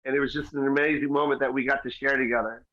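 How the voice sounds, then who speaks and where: A man's voice: mid-range voice, flat delivery, very fast, sharp tone. A man, a comedian and film star, talking enthusiastically in a casual interview, stressing his points with repetition. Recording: dull lo-fi audio.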